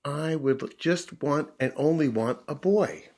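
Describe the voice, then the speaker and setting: A man's voice: mid-range voice, big pitch swings, moderate pace, husky, voice pushed up. A man voicing an eager, hopeful little male puppy who talks in a pleading, earnest way.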